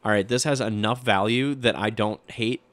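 A man's voice: lowish voice, steady tone, normal speed, a bit bright, no room sound. A man co-hosting a podcast in person, chatting casually in a blunt, grumpy, self-mocking way and swearing now and then. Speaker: podcast co-host. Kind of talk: casual chat. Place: studio, in person.

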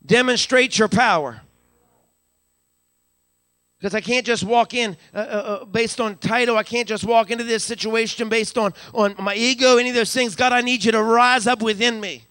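A man's voice: very high voice, steady tone, moderate pace, pushed and bright, dry recording, clean studio sound. A man preaching a live church sermon as pastor, stammering repeats as he builds and calling out hallelujah. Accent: Western Pennsylvania. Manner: repeats words when building up, calls out hallelujah. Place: church sanctuary.

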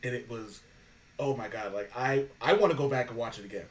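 A man of middle pitch hosts a podcast in loose, casual chat. He tells stories with animated energy, swears freely and laughs often. His voice sits a little back from the mic. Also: a little fast, distant mic, poor audio. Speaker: podcast host.

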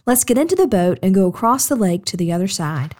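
Calm gentle teacher, as a woman reads him. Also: mid-range voice, fast talker, natural voice.

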